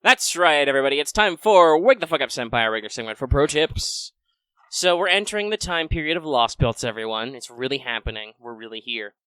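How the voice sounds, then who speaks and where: A man hosting a casual live-streamed game podcast, chatty and quick through sponsor reads. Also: medium pitch, lively intonation, pushed and bright, clear, resonant tone, no echo. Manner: chatty, fast patron list reading. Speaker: podcast host.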